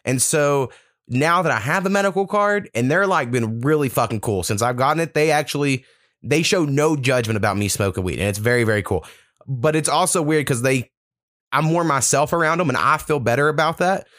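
A man hosting a podcast in a loose, rambling way, swearing freely and piling on fillers as he tells stories. His voice sits at an ordinary middle pitch. The sound is dry and close, with no room around it. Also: expressive, a little fast, a bit bright, no room sound. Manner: loose, profane storytelling with many fillers. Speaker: podcast host. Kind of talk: casual podcast chat.

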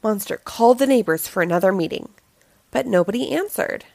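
A woman reading a children's picture book aloud, telling the story in a slow, expressive way. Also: medium pitch, vocal fry, dry recording.

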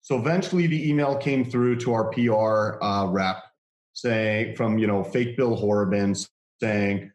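A man casually telling a long anecdote, animated, laughing often and acting out what others said. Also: lowish voice, unhurried, echoey room. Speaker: guest telling a story.

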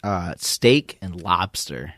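A young man co-hosting a casual podcast, reading odd news stories aloud with deadpan, crude humor. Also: sits low, takes it slowly, no room sound, clean studio sound. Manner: laid-back, deadpan, crude joking. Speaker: podcast co-host.

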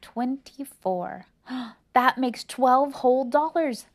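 A woman's voice: medium pitch, animated, moderate pace, close to an everyday voice. A woman reading aloud voices an earnest, worried young boy in a storybook.

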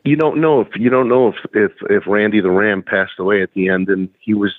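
Husky, lo-fi middle-aged male guest. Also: on the low side, brisk, dry recording. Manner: animated storyteller, does voices in anecdotes, stammers. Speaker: guest, former wrestler and actor. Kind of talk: casual interview chat.

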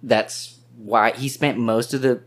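A man chatting with friends, explaining his point haltingly and searching for words. He speaks at an ordinary pitch, relaxed and informal. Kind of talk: casual chat about anime.

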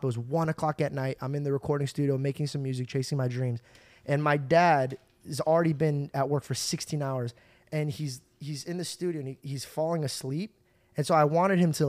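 A man hosting a podcast, telling long stories in a casual, animated way and acting out other people's lines. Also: fairly high pitch, no room sound. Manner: animated, acts out quoted voices, swears freely. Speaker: podcast host. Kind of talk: casual storytelling chat.

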